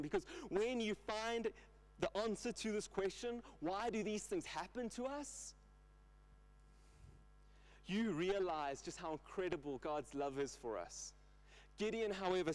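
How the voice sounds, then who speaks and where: A man's voice: sits high, rough recording. Earnest man preaching a sermon. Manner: earnest, retells scripture in lively paraphrase. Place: church.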